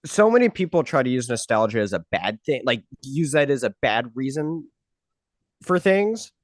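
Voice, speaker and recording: A man's voice: mid-range voice, sing-song, no room sound. Man chatting in a dry close sound. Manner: quick, filler-heavy. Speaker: guest. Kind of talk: casual chat.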